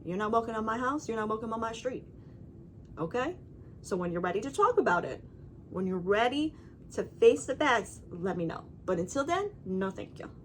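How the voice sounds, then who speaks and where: A woman's voice: a little high, expressive, normal speed, a little hiss or hum. A woman talking to her camera at home in a casual, rambling monologue. She is emphatic and keeps checking in with "right?" and "you know". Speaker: vlogger.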